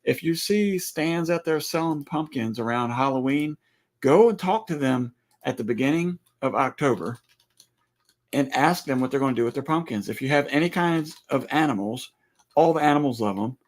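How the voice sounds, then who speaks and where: A man's voice: medium pitch, moderate pace. A man, co-hosting a ranch livestream with joking, teasing banter. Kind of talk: casual chat.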